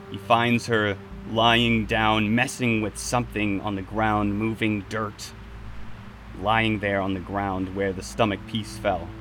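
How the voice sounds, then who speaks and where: A man with a low voice narrates as game master, measured and dramatic. Loud music runs under his narration.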